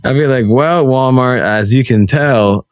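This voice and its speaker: A man's voice: measured pace, no echo, studio quality. A man co-hosting a casual podcast, telling stories and acting out other people's lines. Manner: animated storytelling, acts out quotes with high squeals. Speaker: podcast co-host. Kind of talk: casual argumentative chat.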